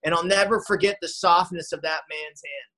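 A middle-aged man sharing his recovery story from his living room, earnest and heartfelt, halting with many fillers and restarts. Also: on the high side, fairly even intonation, pushed and bright, low-quality recording. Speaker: speaker at a recovery meeting.

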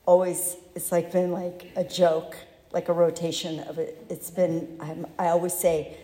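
A woman telling her own recovery story in a candid, halting, self-deprecating way, recorded in a large hall. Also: fairly low pitch, level tone, mellow. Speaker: speaker sharing recovery story. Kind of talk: personal testimony talk. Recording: echoey hall.

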